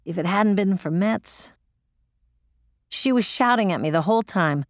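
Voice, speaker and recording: A woman's voice: on the low side, moderate pace, no echo, clean studio sound. A woman narrating in the first person as an audiobook reader, gritty, profane and emotional.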